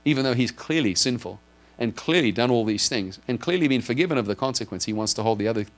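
A man's voice: medium pitch, expressive, fast talker. A man preaching a sermon to a congregation, earnestly explaining and asking his listeners direct questions. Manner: explains with a drawn board, asks if listeners follow. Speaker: pastor.

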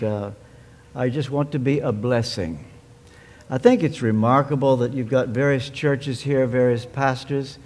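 A man preaching a sermon, measured and emphatic, posing rhetorical questions and answering them himself. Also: medium pitch. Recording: long hall reverb.

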